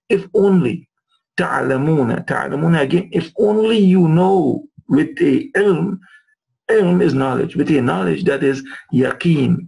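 A man's voice: fairly high pitch, creaky, a little mellow, slightly rough, low-quality recording. A man teaching Arabic words of the Quran, repeating and restating terms as he explains them. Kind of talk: recorded lesson explaining verses.

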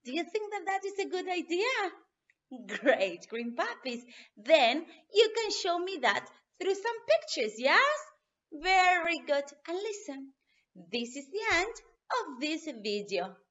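A woman English teacher, reading a story aloud to children and talking to them in a slow, encouraging way. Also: very high-pitched, big pitch swings, a bit bright. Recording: dull lo-fi recording.

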